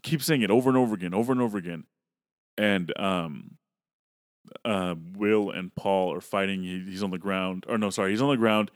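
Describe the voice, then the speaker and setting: Low-voiced man recapping a movie. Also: fairly quick, no echo, studio quality. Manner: loose, profane retelling of plot with acted-out quotes. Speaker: podcast co-host. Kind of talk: casual movie recap chat.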